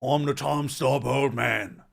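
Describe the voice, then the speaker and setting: A man voicing a gruff old man from a comic dub, with a rough, gravelly put-on voice and a slow, loud, drawn-out delivery. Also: mid-range voice, exaggerated voice. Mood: booming.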